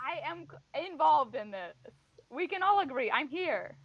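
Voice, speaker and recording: A woman's voice: high voice, sing-song, measured pace, dry recording. A woman playing a tabletop game in character, tossing out playful, teasing comebacks. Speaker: player. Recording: dull lo-fi.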